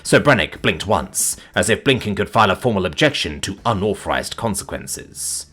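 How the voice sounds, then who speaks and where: A man narrating a comic fantasy story with wry, deadpan asides. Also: low voice, moderate pace, faint music behind.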